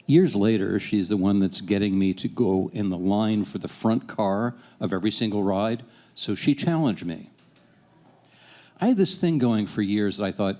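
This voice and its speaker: A man in his sixties telling a personal story on stage, animated, self-deprecating and swearing freely. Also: fairly low pitch, normal speed. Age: 60s.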